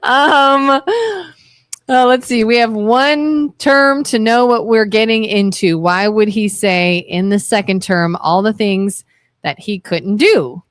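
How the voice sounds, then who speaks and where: A woman's voice: mid-range voice, slow, no echo, clean studio sound. A woman co-hosting a call-in talk show, telling stories and acting out the people in them. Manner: animated storyteller, voices the people in her stories. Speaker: co-host. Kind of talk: casual talk-radio chat.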